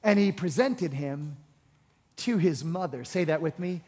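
A man's voice: a little high, expressive, unhurried, mellow. A man preaching a sermon to a congregation, repeating phrases and building to passionate exhortation. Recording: long hall reverb.

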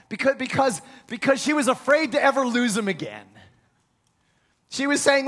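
A man preaching a sermon, retelling a scripture story with lively acted-out quotes and frequent restarts. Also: extremely high pitch, moderate pace. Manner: animated storytelling, acts out quoted voices, many restarts.

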